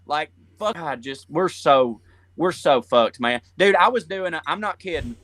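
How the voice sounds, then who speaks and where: A man from Georgia with a Southern accent, a guest comedian in a casual chat, rambling and profane as he tells animated stories. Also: a little high, a little slow, dry recording.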